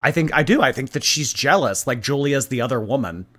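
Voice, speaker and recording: A man's voice: mid-range voice, brisk. A man chatting casually on a live stream, teasing and sarcastic. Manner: sarcastic, teasing, lively intonation. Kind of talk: casual livestream chat.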